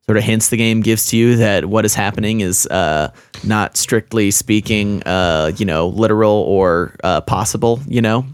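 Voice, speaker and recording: A man's voice: fairly low pitch, normal speed, clean tone. A man in a casual game discussion who talks hesitantly, with many fillers and restarts.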